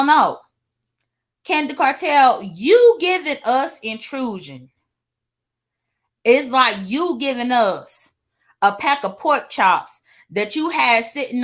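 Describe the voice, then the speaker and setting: A woman doing sassy, animated gossip commentary, greeting viewers by name and laughing between points. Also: on the high side. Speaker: livestream commentator.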